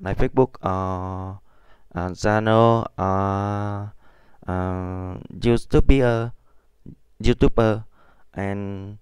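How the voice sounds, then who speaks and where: A Vietnamese student practices English with a Vietnamese accent, hesitating often, restarting, and filling gaps with fillers. His lowish, darkish voice is clear and resonant, with fairly even intonation and drawn-out words. The recording is dry.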